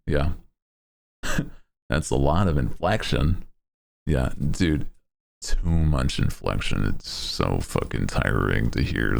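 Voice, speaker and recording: A very deep-voiced man rambles through a casual livestream chat, with gravelly fry in his voice. He laughs often and swears freely. His pitch swings widely even at his unhurried pace. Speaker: streamer.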